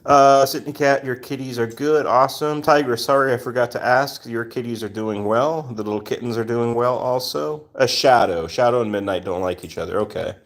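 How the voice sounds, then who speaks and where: A man's voice: mid-range voice, normal speed, hardly any pauses. Chatty man hosting a cat live stream. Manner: chatty, greets viewers by name, many fillers. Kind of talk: casual live stream chat.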